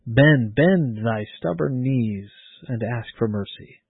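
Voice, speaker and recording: A man's voice: mid-range voice, lively intonation, takes it slowly, gravelly, breathy edge, dry recording, full character voice. A man reading as a grieving pious mother. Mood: pleading. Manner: pleading, solemn, old-fashioned speech. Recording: tinny phone-like lo-fi sound.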